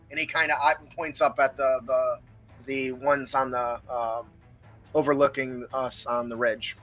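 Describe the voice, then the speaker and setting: A man's voice: mid-range voice, flat delivery, unhurried, fairly bright tone, faint music behind. A man playing a tabletop role-playing game, explaining rules and narrating his character's actions in casual chat. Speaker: player.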